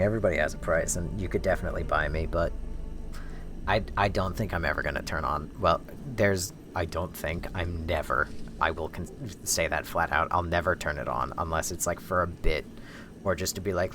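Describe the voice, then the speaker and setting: A man's voice: sits low, a little fast, music in the background. A man streaming, rambling casually and swearing freely as he breaks off and restarts his thoughts. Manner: rambling, profane, self-interrupting. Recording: noisy background.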